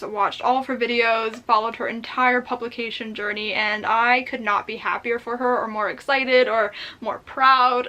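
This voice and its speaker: A young woman talks to camera about her new books in a casual, effusive vlog. Her voice is bright and fairly high. She gushes and laughs easily as she goes. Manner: gushing, effusive, laughs often. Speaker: book YouTuber. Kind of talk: casual book haul vlog.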